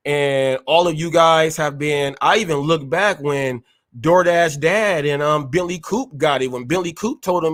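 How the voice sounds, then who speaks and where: A man's voice: on the high side, expressive, normal speed, sharp tone. A man hosting a live stream, ranting in a fiery, confrontational way with slangy street talk. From California. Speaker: host. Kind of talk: heated live-stream rant.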